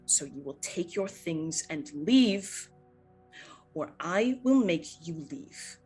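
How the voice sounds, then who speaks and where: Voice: medium pitch, very slow, slightly rough, soft background music, rough recording. A narrator putting on a stern, unforgiving grandmother. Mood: cold, firm. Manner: firm, clipped, scornful. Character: stern elderly grandmother, cold and commanding.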